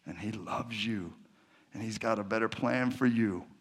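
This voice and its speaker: A man's voice: lowish voice, normal speed. Man preaching with personal stories. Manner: animated storyteller acting out dialogue. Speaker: pastor. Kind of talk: sermon with personal storytelling.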